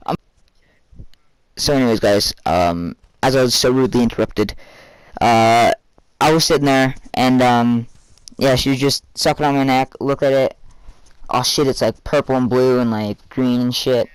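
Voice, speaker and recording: A man's voice: medium pitch, smooth, no echo. A teenage boy telling a rambling personal story for a vlog, full of fillers and casual swearing.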